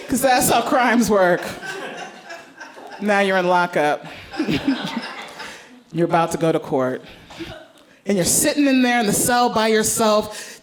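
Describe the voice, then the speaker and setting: A woman's voice: medium pitch, expressive, slow, pauses often. A woman comedian telling a theatrical stand-up story on stage, now and then slipping into mock-grand speeches. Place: comedy stage before a live audience. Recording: live room with crowd laughter. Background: audience laughter.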